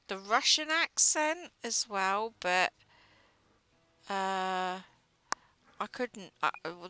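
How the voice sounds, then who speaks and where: Slow, bright-voiced woman chatting idly. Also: mid-range voice. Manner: rambling, chatty, with many fillers. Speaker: livestreamer. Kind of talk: casual chat while knitting. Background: faint music.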